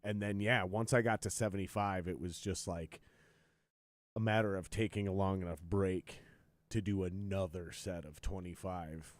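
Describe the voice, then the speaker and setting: A man hosting a podcast, telling stories in a profane, ranting way and loudly acting out what others said. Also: low voice, steady tone, normal speed, no room sound. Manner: profane, ranting storyteller, quotes others in raised voice. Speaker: podcast host. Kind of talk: casual chat.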